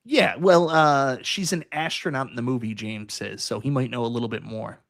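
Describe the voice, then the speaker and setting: Excitable middle-aged man, dry sound. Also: mid-range voice, moderate pace, gravelly, no room sound. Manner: excitable, animated fan talk with casual swearing. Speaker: podcast host. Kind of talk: casual chat.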